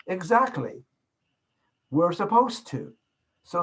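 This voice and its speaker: In poor audio, a Canadian man lectures slowly with long pauses, his medium-pitched voice swinging widely in pitch and carrying a breathy edge. The recorded class talk is emphatic, with key words stressed and repeated, and he demonstrates speaking softly and loudly.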